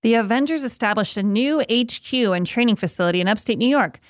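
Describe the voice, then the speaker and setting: A woman's voice: a little high, animated, fast talker, no echo, studio quality. A woman co-hosting a podcast, reading plot summaries and chatting with amused asides. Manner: chatty, amused, lots of likes. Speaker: podcast co-host.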